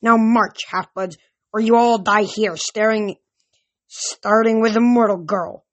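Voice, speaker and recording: A reader voicing a menacing female monster disguised as a cheerleader, taunting and drawn-out in an amateur audiobook reading. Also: mid-range voice, steady tone, a bit bright, no echo, lightly acted.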